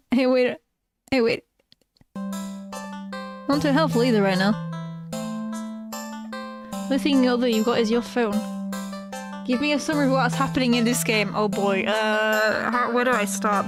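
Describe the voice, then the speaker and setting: Female game streamer reading on-screen narration with lively asides, a touch high-pitched, music clearly behind. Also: unhurried, long pauses. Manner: reads narration expressively, with laughs and stammered asides. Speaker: gaming streamer. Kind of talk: reading game text aloud and reacting.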